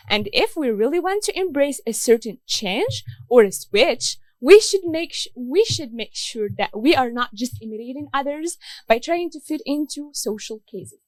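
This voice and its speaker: A woman's voice: high voice, no echo, low-quality recording. A young woman from Morocco giving an earnest debate speech, using rhetorical questions. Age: young adult. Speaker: student debater.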